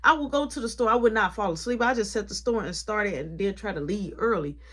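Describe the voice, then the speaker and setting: A young woman store manager telling a story in an animated, colloquial way. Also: mid-range voice, a little fast. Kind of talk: casual storytime vlog.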